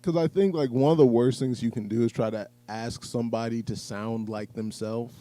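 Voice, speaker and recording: A man's voice: normal speed, no echo. A man, co-hosting a podcast in casual chat, agreeable and backing up his partner. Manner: agreeable, frequent yeahs, jumps in higher when excited. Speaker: podcast co-host.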